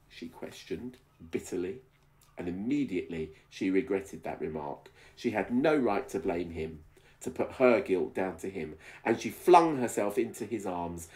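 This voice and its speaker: A man's voice: low-pitched, expressive, measured pace, a little mellow. A man reading a romance story aloud in a mock-dramatic way, breaking off for teasing, sarcastic comments. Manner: wry, teasing. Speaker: video host reading aloud.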